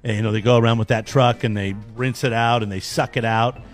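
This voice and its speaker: A man with a middle-pitched voice co-hosting a radio talk show, teasing and blunt. He speaks over a faint music bed. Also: fairly even intonation, a little fast. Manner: teasing, laughs, blunt exclamations. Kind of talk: casual morning radio banter. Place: radio studio.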